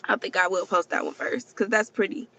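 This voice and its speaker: A woman's voice: medium pitch, steady tone, fairly quick, sharp tone, slight background noise. A woman hosting a casual livestream, chatty and profane, who keeps talking straight to her viewers. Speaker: livestream host.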